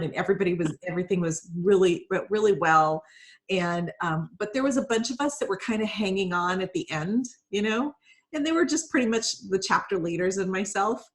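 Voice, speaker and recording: A woman hosting a casual video call, chatting and greeting each guest by name as they join from home. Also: mid-range voice. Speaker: founder and host of a networking call. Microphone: computer mic on a video call.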